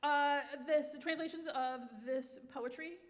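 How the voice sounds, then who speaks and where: A woman's voice: high voice, steady tone, slow. A woman hosting a literary reading, introducing the next author in a chatty way with fillers and asides. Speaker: reading host. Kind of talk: introducing a reader at a literary event. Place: event room. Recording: reverberant hall.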